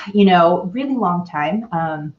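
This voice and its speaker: A chatty woman from the East Coast speaks as a guest on a panel, her voice a little low and full of fillers. The sound is muffled, as if over a video call. Her room echoes noticeably. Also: animated, takes it slowly. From US East Coast, New York and Philadelphia area. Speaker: guest, youth ministry leader. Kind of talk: casual online panel conversation.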